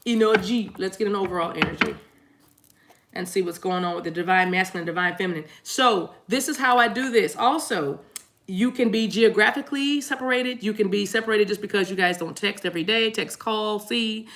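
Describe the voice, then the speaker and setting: Woman card reader, casual and chatty, bright clear tone. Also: mid-range voice, fairly quick. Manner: chatty, laughing, repeats herself. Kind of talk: casual spiritual reading chat.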